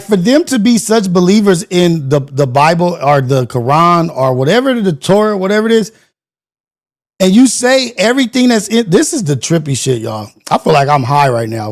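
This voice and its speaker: Male show host, high voice, casual slangy reaction rant. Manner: animated, slangy rant with rhetorical questions.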